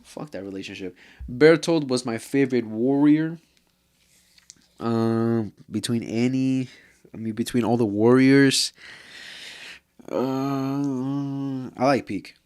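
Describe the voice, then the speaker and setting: A man's voice: medium pitch, slow pace, long pauses, a little mellow, clear, resonant tone. A man ranting casually about a show, heated and profane, rambling with fillers and restarts. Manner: profane and heated, says "bro" constantly. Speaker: vlogger. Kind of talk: casual anime rant.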